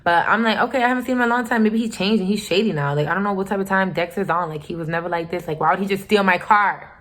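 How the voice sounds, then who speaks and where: A woman's voice: medium pitch, rapid-fire, a bit bright. A young woman telling a story to her channel in a candid, profane and emphatic way. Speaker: vlogger. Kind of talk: casual storytime.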